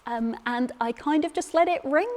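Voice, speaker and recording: A woman's voice: high-pitched, moderate pace, a little mellow, big-room sound. A young woman from England tells a comic personal story on a theatre stage. She is chatty and self-deprecating, and often stumbles over repeated words. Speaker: solo performer.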